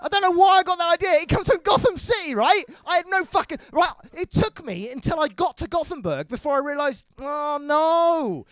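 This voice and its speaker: An English man doing stand-up, talking fast and all over the place, swearing and mocking himself. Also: very high voice, animated, a bit bright, no echo. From England. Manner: rapid, scattered, self-mocking, swears a lot. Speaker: stand-up comedian. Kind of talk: stand-up set. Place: comedy club stage.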